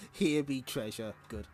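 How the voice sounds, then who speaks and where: A man hosting a stream, reading a comic aloud in an animated way and laughing often between lines. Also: mid-range voice. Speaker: stream host.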